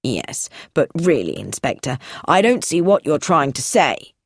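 A woman's voice: deep voice, sing-song, measured pace, creaky, slightly rough, no room sound, clean studio sound, pitched below the performer's own voice, heavily acted. A woman voicing a stiff, cold older brother, a businessman who speaks coldly and defensively.

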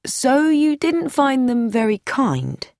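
A woman reading an audiobook, voicing a kindly male police inspector who asks calm, probing questions. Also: high voice, slow, no room sound, clean studio sound, voice pushed up, heavily acted.

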